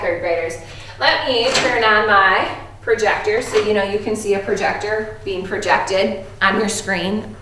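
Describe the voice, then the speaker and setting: A woman's voice: on the high side, a bit bright, slight background noise. A woman teaching an online music lesson to young children, upbeat and playful, with an exaggerated teacher voice. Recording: very echoey room, distant from the mic.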